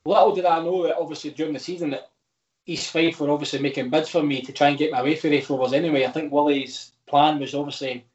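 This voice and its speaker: Speaking at a quick pace with a steady tone, a slightly high-voiced Scottish footballer in his thirties chats casually as a podcast guest. He's frank and rambling, restarting his sentences a lot, and the lo-fi audio is reverberant.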